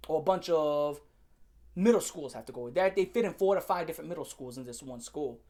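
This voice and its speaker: A man's voice: on the high side, expressive, a little fast, warm tone. A young man telling a story from his school days to his viewers as a heated, profane rant full of slang, addressing them directly and repeating himself.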